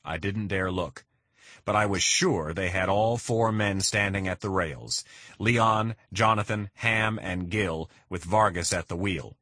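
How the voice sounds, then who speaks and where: A man narrating a first-person crime thriller in a steady, measured reading. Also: deep voice, dry recording. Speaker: audiobook narrator.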